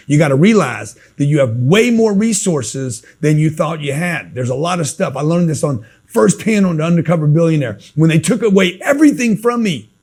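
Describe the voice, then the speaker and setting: A man's voice: on the high side, lively intonation, fairly quick, hardly any pauses, darkish tone, breathy edge. A man giving a blunt, emphatic motivational talk in a street-style coaching manner. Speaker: motivational speaker.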